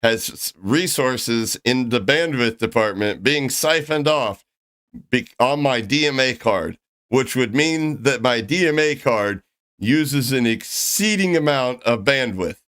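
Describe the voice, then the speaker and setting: A male streamer with a smooth, clear mid-range voice who stays measured while he presses his caller with pointed questions. His sarcasm is dry and unhurried. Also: medium pitch, animated, a bit bright. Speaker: streamer host. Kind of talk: live-stream debate.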